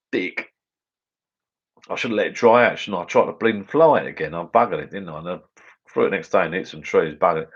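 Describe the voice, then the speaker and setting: English bloke rambling away on a live stream, deep voice, dull lo-fi sound. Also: male voice. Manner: chatty, rambling, matey. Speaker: livestream host. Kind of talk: casual live chat reading viewer comments. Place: garden bar shed. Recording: dull lo-fi livestream audio.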